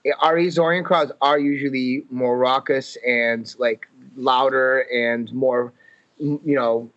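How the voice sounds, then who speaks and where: A man's voice: mid-range voice, a little slow, highs cut off. A man from Massachusetts, a comedian guest in a casual podcast chat, telling stories and acting out the quotes. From Fall River, Massachusetts. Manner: animated storyteller, acts out quotes.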